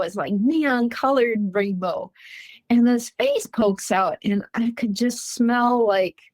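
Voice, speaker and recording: A woman from Minnesota shares a personal story in a casual, earnest way. Her voice sits fairly high, and the sound is close and dry. She stays animated and laughs often. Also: no room sound. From Minnesota, USA. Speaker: guest recounting a personal encounter.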